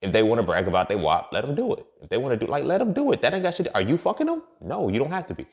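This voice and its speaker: A man hosting a podcast and speaking a casual monologue, blunt and profane, repeating his points. He swings from loud emphatic outbursts to quiet muttered asides. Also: medium pitch, sing-song, rapid-fire, vocal fry, highs cut off. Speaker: podcast host.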